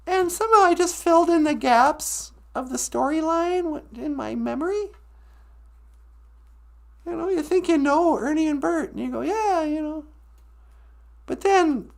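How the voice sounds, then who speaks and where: A woman hosting a live stream with a high voice and a slow, unhurried delivery, rambling through jokes in casual chat. Her voice has a gravelly, fry-tinged edge. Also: a little mellow. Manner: rambling, joking, breaks into laughs and sung snippets.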